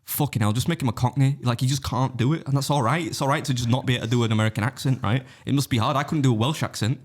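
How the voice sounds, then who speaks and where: A man talks quickly in a middle-pitched voice, joking and teasing his co-host. It is loose, casual podcast banter.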